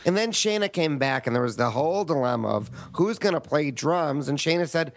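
A man's voice: fairly high pitch, expressive, brisk, few pauses. A man co-hosting a comedy podcast, chatting casually in a campy way and reeling off trivia. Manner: campy, detail-obsessed trivia talk. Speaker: podcast co-host.

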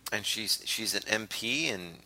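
A man's voice: on the low side, unhurried, sharp tone, no echo. A man hosting a podcast, leading the discussion in a jokey, casual way. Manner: leads discussion, jokey, laughs often.

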